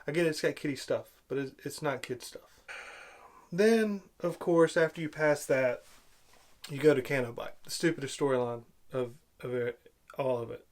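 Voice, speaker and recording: A man giving an exasperated, sarcastic film review rant, swinging between loud outbursts and low muttering. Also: moderate pace. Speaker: movie reviewer.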